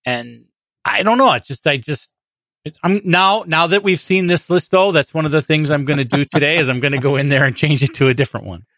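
A man on a casual tech podcast talks in a measured, agreeable way and often restarts his sentences. His voice is slightly high and bright. The sound is dry and close. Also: no room sound. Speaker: podcast co-host.

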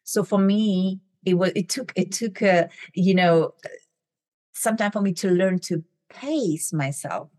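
A middle-aged woman with a foreign accent, hosting a motivational talk. She talks fast, swallows word endings and keeps tagging on "right?" and "you know". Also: medium pitch, a little mellow, no echo. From immigrant to the US. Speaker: podcast host.

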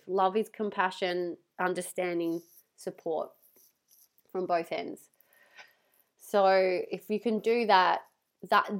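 A young woman hosting a podcast, talking candidly and animatedly, swearing freely and acting out what people said, her nose stuffy from crying. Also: medium pitch. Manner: candid, sweary, animated retelling with voiced quotes. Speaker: podcast host. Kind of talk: casual personal monologue.

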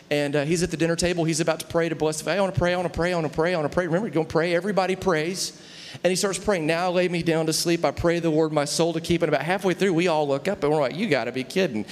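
Preaching in a big-sounding room, this middle-aged man has a fairly high voice. His sermon is conversational, and he keeps stopping to ask "do you see?" to make sure the congregation is with him.

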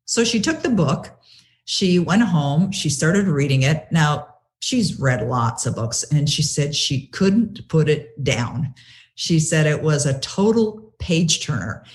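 Animated woman telling a story. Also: sits low, slow. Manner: animated, retells conversations with lively quoting; many fillers and restarts. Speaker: guest author. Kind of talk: storytelling interview answer.

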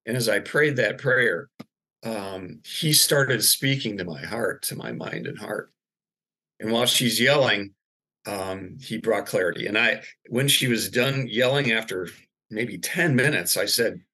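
A man as a podcast guest, telling a personal faith story in an earnest, animated way. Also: on the low side, a little slow, breathy edge. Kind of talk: personal testimony in conversation.

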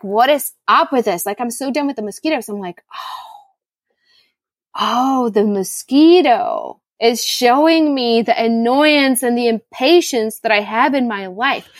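Woman podcast guest, middle-aged coach, lively storyteller with a slightly high voice, close and dry. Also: no echo. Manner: animated storyteller, acts out her own reactions. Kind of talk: casual conversational interview. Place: home in Costa Rica during rainy season.

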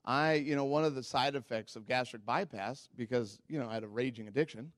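A man preaching a sermon as pastor, telling stories in a candid, self-mocking way and jumping into high squeaky voices when quoting people. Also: fairly quick, no echo, clean studio sound. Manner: animated storytelling, jumps into high squeaky voices for quotes.

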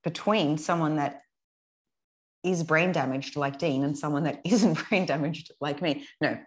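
A woman's voice: deep voice, unhurried. A woman in her thirties co-hosting a podcast, talking frankly, laughing often and swearing freely. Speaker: podcast co-host, fitness coach. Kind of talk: casual chat.

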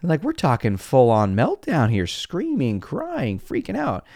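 Middle-aged guy psychologist telling stories on a podcast, super lively, acts stuff out, laughs a lot. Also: medium pitch, a little slow, no room sound, clean studio sound. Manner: animated storytelling, acts out scenes, laughs often. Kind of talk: podcast monologue.

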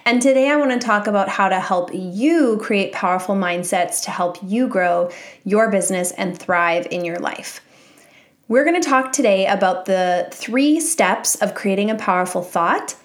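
A woman in her thirties hosting a solo podcast, calmly explaining and encouraging her listeners as a mindset coach. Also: mid-range voice, normal speed.

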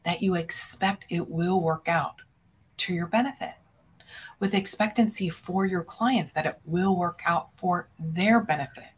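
A woman's voice: on the low side, unhurried, husky. Fervent woman coach hyping her listeners. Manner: emphatic, fervent, punchy declarations with big swings in loudness; addresses listeners directly as friends. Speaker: business coach and podcast host. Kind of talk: motivational solo podcast talk.

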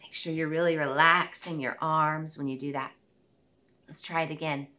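A woman leading a children's circle time, gently speaking and singing nursery rhymes and songs. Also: low-pitched, steady tone, moderate pace, slight background noise. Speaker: children's teacher.

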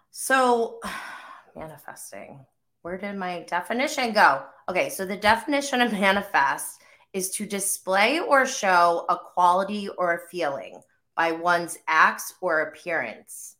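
Woman, 30s, podcast host, unhurried rambling chat, bright tone, flu cough. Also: on the low side. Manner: rambling, full of "like" fillers. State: getting over the flu, coughing. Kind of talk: casual chat.

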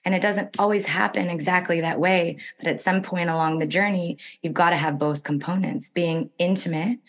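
Hoarse, low-voiced woman healing practitioner. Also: normal speed. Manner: calm, flowing, gently spiritual wording. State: hoarse, losing her voice. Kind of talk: conversational explanation.

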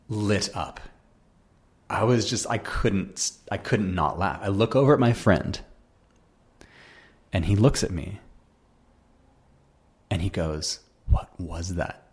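Man, deep low voice, podcast host, personal storytelling, earnest, animated, repetitive phrasing.

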